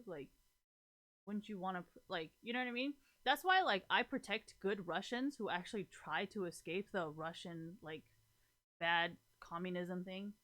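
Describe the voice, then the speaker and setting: Young woman streaming, rambles on, swears, laughs a lot, bright sharp voice. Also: mid-range voice. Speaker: streamer talking to viewers. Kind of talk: casual rambling chat.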